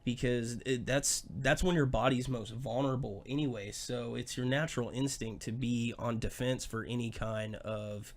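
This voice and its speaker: A man hosting a podcast in casual chat, cracking dark deadpan jokes. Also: mid-range voice, normal speed, few pauses. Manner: joking, dark deadpan humor. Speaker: podcast host.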